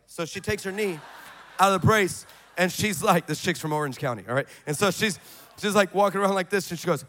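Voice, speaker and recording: In a church sermon, a middle-aged male preacher tells a story dramatically, lurching from shouts down to near-whispers. He speaks briskly in a high-pitched voice.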